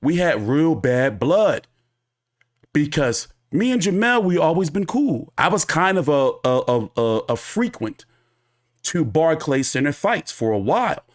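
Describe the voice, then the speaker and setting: A male boxing commentator tells a story in a loose, profane monologue. His fairly high voice swings widely up and down as he acts out the people he quotes. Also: very animated, measured pace. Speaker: boxing commentator and show host.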